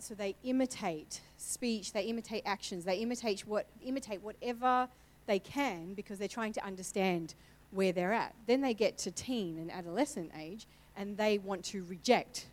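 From a church stage, a middle-aged woman of Italian family background gives a personal testimony in a candid, conversational way, growing emotional at times. Her voice is mid-range and the recording is rough.

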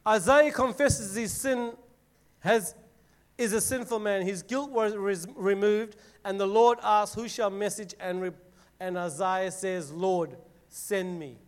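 A man leads a casual Bible lesson for a group, his voice pitched high. He reads the scripture aloud with drama, then breaks it down in everyday words, with plenty of "like" and "right?". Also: fairly even intonation, unhurried, smooth. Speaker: youth preacher. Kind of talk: Bible teaching talk to a group.

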